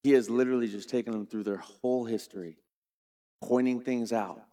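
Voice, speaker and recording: Man, middle-aged, preacher, dramatic sermon delivery, mid pitch. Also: steady tone, fairly quick, mellow. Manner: dramatic storytelling preacher, varies volume widely. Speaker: pastor.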